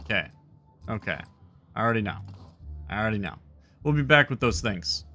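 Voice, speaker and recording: A man's voice: fairly low pitch, sing-song, a little fast, sharp tone, faint music behind. A man streaming a game, reading the dialogue aloud and adding casual, sarcastic asides. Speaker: gaming streamer.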